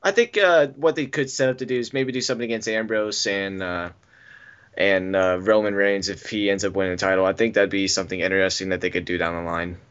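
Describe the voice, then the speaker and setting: A man's voice: low voice, steady tone, fast, fairly bright tone, clean tone. A man co-hosting a casual wrestling podcast, rambling through his predictions with restarts and easy laughs. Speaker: podcast co-host. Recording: dull lo-fi call audio.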